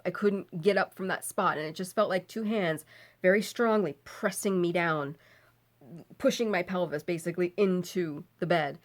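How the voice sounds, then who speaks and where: A woman recounts a frightening night in casual storytelling. Her voice sits in an average pitch range. She is animated, breaks into laughs often, and swears freely when describing fear. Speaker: vlogger.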